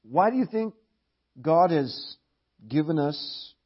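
Middle-aged male preacher, husky, lively pitch, throat-clearing restarts; dull lo-fi church tape. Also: slow. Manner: animated, repeats words, clears throat often. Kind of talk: sermon. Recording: dull lo-fi sermon recording.

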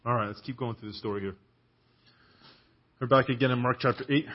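A man's voice: mid-range voice, fairly even intonation, a little fast, pauses often. Man, sermon, emphatic rhetorical questions, muffled lo-fi church recording. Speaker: preacher.

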